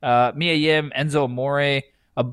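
A man's voice: a little high, fairly even intonation, unhurried, a bit bright, smooth, no echo, clean studio sound. A man co-hosting a podcast, chatting casually and reading aloud while laughing through his lines and swearing. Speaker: podcast co-host.

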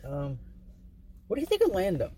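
A man's voice: sits high, wildly swooping pitch, normal speed, mellow, slight background noise. A man co-hosting a podcast, chatting casually about movies and acting out scenes with silly voices. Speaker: podcast co-host. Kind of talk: casual movie review chat.

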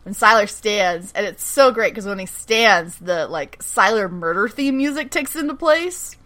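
A woman's voice: medium pitch, animated, measured pace, a bit bright. A woman casually recapping a TV episode, acting out the characters' lines and laughing often. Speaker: podcast co-host recapping a TV show. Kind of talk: casual chat.

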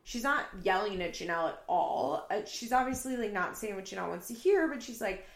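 Brief: casual female recapper, gravelly fry, echoey apartment room. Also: mid-range voice, animated, fairly quick. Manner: chatty, laughing, acts out quotes. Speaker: reality TV recap commentator.

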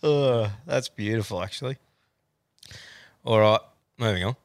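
A man's voice: fairly low pitch, unhurried, a little hiss or hum. An Australian man hosting a podcast, chatting casually, laughing often and swearing a lot. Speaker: podcast host. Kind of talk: casual chat.

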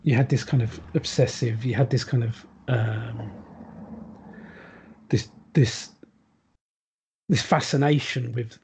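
A man's voice: medium pitch, gravelly, mellow, a little hiss or hum. A man chatting casually on a podcast, rambling with lots of ums and restarts. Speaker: podcast guest. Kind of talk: casual chat.

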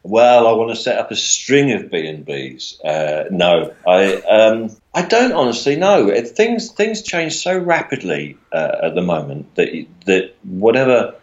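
A man's voice: on the low side, sing-song, measured pace, few pauses. A middle-aged man with a southern English accent, chatting casually as a podcast guest, rambling, restarting and laughing as he goes. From England. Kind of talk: casual chat. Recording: dull lo-fi sound.

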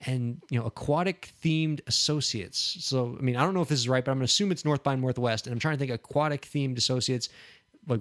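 A man co-hosting a podcast, chatting casually in an easygoing, self-deprecating way that trips and restarts while he thinks. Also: mid-range voice. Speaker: podcast co-host.

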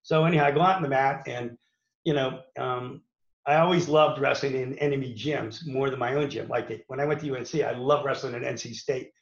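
A man's voice: mid-range voice, steady tone, a little fast, gravelly. A man from Pittsburgh, a former wrestler, telling his story in a casual, rambling way with many fillers and restarts. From Pittsburgh, USA. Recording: echoey room, dull lo-fi sound.

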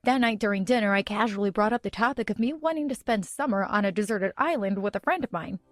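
A woman's voice: medium pitch, quick pace, slight background noise. A young woman narrating a first-person story in a chatty, dramatic way. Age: young adult.

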